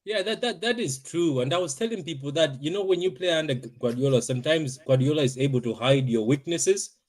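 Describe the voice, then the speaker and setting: A man's voice: on the high side, fairly quick. A man hosting a live-streamed football panel over a video call, insistent and teasing, repeating names. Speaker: host.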